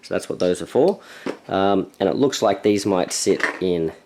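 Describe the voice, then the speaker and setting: A man hosting a board game channel, casually unboxing and thinking aloud with relaxed, hesitant fillers. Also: sits low, moderate pace, background noise. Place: at a table, handling game pieces.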